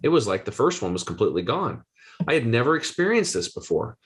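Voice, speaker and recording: Energetic man in his forties. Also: mid-range voice, quick pace. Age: 40s. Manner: energetic, excitable, slangy. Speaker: guest health coach. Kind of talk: animated storytelling.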